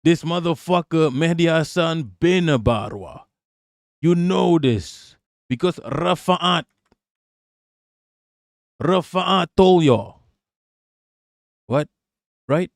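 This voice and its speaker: A man's voice: on the high side, lively intonation, takes it slowly, gravelly, pauses often, no echo, studio quality. A man live-streaming as host, reacting to political clips in heated, profane commentary and repeating lines for emphasis.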